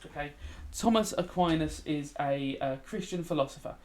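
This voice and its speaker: A man gives a relaxed revision lesson as he plays a game, sounding a little tired and yawning at times. His voice sits a touch high, and he keeps checking in with "okay?" while keys clack behind him. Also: normal speed, slight background noise. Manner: chatty, frequent "okay?" check-ins, talks while typing. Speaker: teacher.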